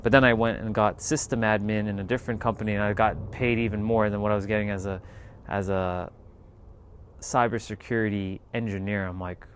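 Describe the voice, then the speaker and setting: A man telling a casual, animated story in a monologue, swearing freely and acting out the people in it with quoted voices. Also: lowish voice, a little fast, a little hiss or hum. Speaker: spiritual talk host.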